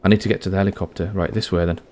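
Deep-voiced gaming host, dry and wry as he narrates his horror playthrough. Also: level tone, rapid-fire, a little mellow, a little hiss or hum. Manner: dry, wry running commentary. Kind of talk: horror game let's play commentary.

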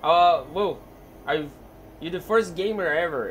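Young guy streaming a game, slow and chill, kinda high voice, quiet game music behind. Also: slight background noise. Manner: laid-back, mumbling to himself, greets chat. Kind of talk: casual live-stream commentary.

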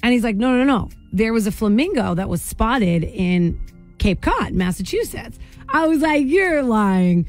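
A woman hosting a morning radio show, talking in a chatty, animated way and laughing often. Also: on the high side, a little slow, soft background music.

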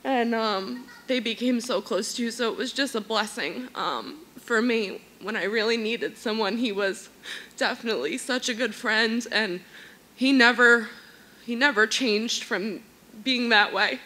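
Bright-voiced woman giving a tearful eulogy. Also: a little high, a little slow, poor audio. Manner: emotional, tearful at times, earnest. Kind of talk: memorial speech. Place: church hall.

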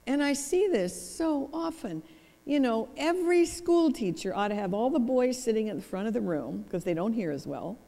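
A woman's voice: on the high side, big pitch swings, moderate pace, creaky, dark tone, big-room sound. A woman giving a storytelling lecture as a guest speaker, acting out both sides of conversations. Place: church hall.

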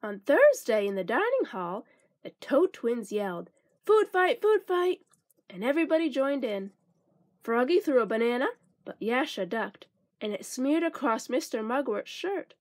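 High, lively woman reading a picture book. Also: moderate pace, no echo, studio quality. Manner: expressive, with playful sound effects. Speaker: storybook reader.

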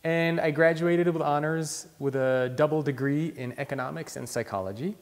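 A young man with a fairly high voice tells his story as an interview guest, lively and animated. His words ring out with a long reverb from the room around him. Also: normal speed. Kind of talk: conversational storytelling.

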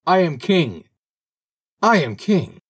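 Tiny cunning wren from a storybook, shrill triumphant crow, man doing the voice. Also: big pitch swings, takes it slowly, a little mellow, husky, heavily acted. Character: tiny boastful male wren bird, cunning.

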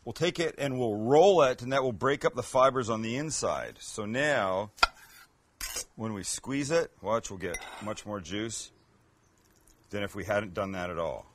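A man's voice: fairly low pitch, a little slow, noisy background. A man hosting a cooking show, chatting casually and joking with self-mocking asides as he cooks. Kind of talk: casual cooking demo chat.

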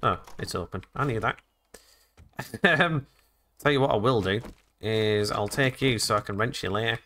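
A man's voice: lowish voice, normal speed, pushed and bright, slight background noise. A man hosting a let's play video, chatting and joking his way through a game and talking to the characters. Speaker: gaming channel host.

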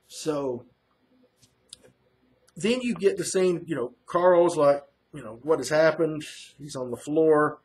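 Speaking slowly with lively intonation and frequent pauses, a man with a fairly high voice reviews a comic book issue. His first-reaction recap is casual and rambling, full of fillers and restarts.

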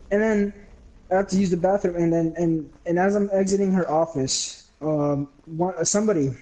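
A man's voice: sits high, steady tone, moderate pace, a little mellow, rough recording. A young man casually telling a rambling story, laughing often, swearing and acting out the people he quotes. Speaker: livestream host.

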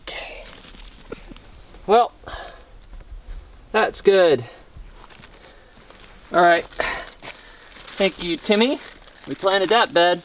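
A man's voice: high voice, very slow, long pauses, slight background noise. A man chatting goofily and cheerfully in a casual vlog while planting seeds in an outdoor vegetable garden. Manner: chatty, goofy, upbeat. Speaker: gardening YouTuber.

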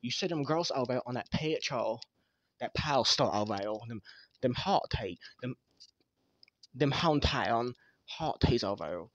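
A man's voice: mid-range voice, animated, unhurried, fairly bright tone, highs cut off. A man voicing a nagging, mocking male fox animatronic who needles and taunts the others in a fan machinima. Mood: taunting.

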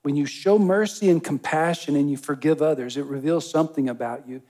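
Male pastor preaching to his congregation, slightly high voice, animated emphatic delivery. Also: a little fast. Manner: preaching with rising emphatic bursts; addresses the congregation directly. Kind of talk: sermon.

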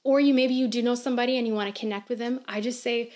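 A woman in her thirties preaching a sermon on a church livestream, earnest and conversational, asking gentle questions. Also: a little high, fairly even intonation, fast. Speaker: pastor.

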